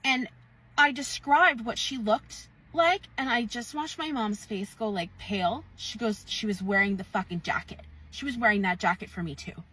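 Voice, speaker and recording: Husky woman telling a spooky story. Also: a little high, moderate pace, sharp tone, distant mic. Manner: earnest, emphatic disbelief. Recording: dry, a bit off-mic.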